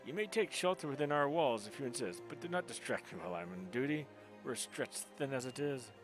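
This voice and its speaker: A man's voice: mid-range voice, expressive, a little fast, over music, voice pushed up, natural voice. A man voicing a proud, haughty male knight commander in a put-on French accent, speaking formally and stiffly. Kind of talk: reading game dialogue in voices.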